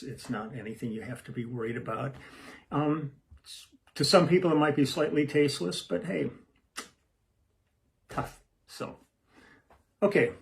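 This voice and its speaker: A man, a musician hosting his own video series, chatting casually to camera and often breaking off mid-thought. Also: mid-range voice. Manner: rambling, self-interrupting, easygoing.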